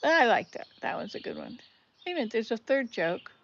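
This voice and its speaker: An older woman, a grandmother, chatting casually and telling jokes on her vlog, laughing loudly at the punchlines. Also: fairly high pitch, sing-song, fairly quick, gravelly, lo-fi sound, a little hiss or hum. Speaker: vlogger. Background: birdsong.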